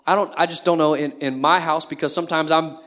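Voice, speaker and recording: A man's voice: on the high side, fairly even intonation, fast, fairly bright tone. A man in his thirties, a pastor preaching a sermon in a conversational way, full of rhetorical questions.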